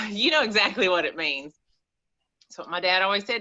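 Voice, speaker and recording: A woman with an East Texas accent, chatting as a caller on a call-in show in an animated, rambling, folksy way. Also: medium pitch, normal speed, dull audio. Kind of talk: casual chat.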